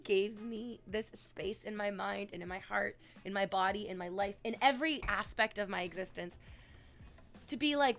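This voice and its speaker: A woman's voice: medium pitch, normal speed, gravelly, fairly bright tone, soft background music. A woman streamer telling long candid stories to her chat, rambling and swearing, with sudden dramatic swells. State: sick.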